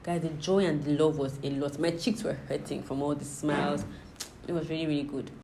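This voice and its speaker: A woman's voice: low-pitched, steady tone, fairly quick, mellow, slight background noise, poor audio. A young woman vlogging to camera, gushing and emotional as she recounts a family celebration. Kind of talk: casual talk to camera.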